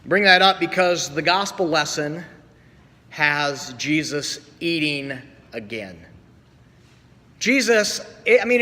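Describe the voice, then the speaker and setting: A man preaching a sermon as pastor, telling stories with voiced quotes and slow pauses. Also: sits high, bright, forceful tone. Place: church sanctuary. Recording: long church reverb.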